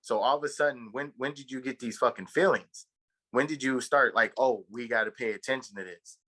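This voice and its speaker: A man's voice: mid-range voice, fairly quick, sharp tone, poor audio. A man from Texas co-hosting a podcast, telling a long story in a rambling way, full of fillers and swearing. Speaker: podcast co-host. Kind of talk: casual chat.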